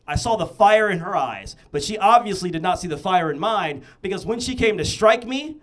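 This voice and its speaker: A young man doing stand-up, his voice sitting high and swinging widely as he tells his stories. He talks in a lively, punchy way and keeps turning to the crowd with quick asides. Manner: animated storytelling with punchy asides and frequent "you know what I'm saying". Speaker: stand-up comedian. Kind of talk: stand-up comedy set. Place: comedy club stage with a live audience.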